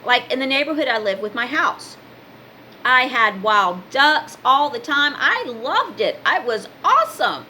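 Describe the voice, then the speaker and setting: A woman's voice: high-pitched, very animated, measured pace, sharp tone, slight background noise. A woman in her fifties giving a blunt, emphatic motivational talk in a casual vlog. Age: 50s. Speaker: spiritual vlogger and card reader.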